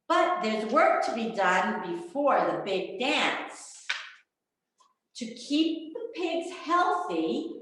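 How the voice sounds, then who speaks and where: A woman reading a children's picture book aloud at storytime, expressive and animated, over a video call. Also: a little high, heavy reverb, rough recording. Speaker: children's librarian.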